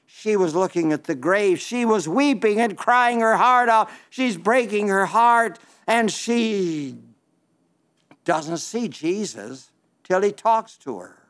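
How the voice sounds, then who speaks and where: A male preacher with a high-pitched voice delivers a sermon. He speaks earnestly and pleads with his listeners, stretching out key phrases slowly for emphasis. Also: expressive, a bit bright.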